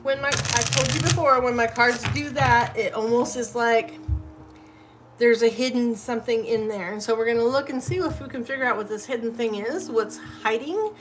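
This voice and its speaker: A woman's voice: on the high side, normal speed, noisy background. A woman hosting a live tarot reading, chatty and effusive, often tagging her lines with "literally" and "right?".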